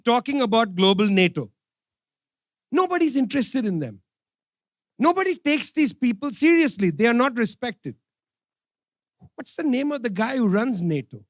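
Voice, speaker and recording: A man's voice: very high voice, no echo, clean studio sound. A man giving an impassioned speech at a forum, sarcastic and repeating phrases for emphasis. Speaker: speaker at a political forum. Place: forum event hall.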